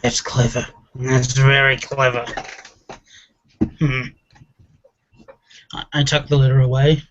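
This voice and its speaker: A man playing a tabletop game, talking in a measured, drily amused way. The recording is muffled and lo-fi. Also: mid-range voice, flat delivery, fairly bright tone, slight background noise. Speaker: player.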